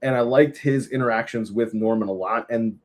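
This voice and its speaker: A young man with an ordinary mid-range voice. He talks in an even, measured way and keeps pulling the chat back to the film at hand. His tone is relaxed and conversational. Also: mid-range voice. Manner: measured, steers the talk back on topic. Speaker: co-host, film reviewer. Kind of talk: casual podcast chat.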